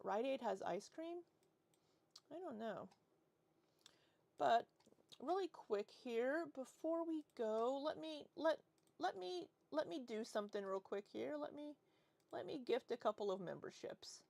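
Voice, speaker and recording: A woman's voice: high-pitched, expressive, a little slow, vocal fry, pauses often, a little mellow, no room sound. A woman in her forties chatting casually on a livestream, rambling as she reads and answers chat. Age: 40s. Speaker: livestream host.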